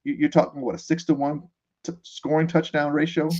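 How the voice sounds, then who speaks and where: A man guesting on a sports talk show, animated and quick to laugh, often restarting his sentences. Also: fairly high pitch, highs cut off.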